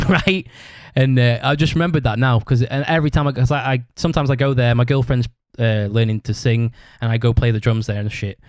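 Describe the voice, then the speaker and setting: Casual male podcaster, sweary rambling storyteller, mid pitch, dry sound. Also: brisk, no room sound. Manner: acts out other people's shouted lines. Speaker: podcast host.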